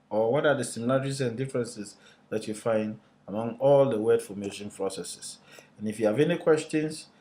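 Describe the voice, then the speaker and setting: A man teaching a recorded lesson, explaining deliberately and putting rhetorical questions to his students before answering them himself. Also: medium pitch, darkish tone.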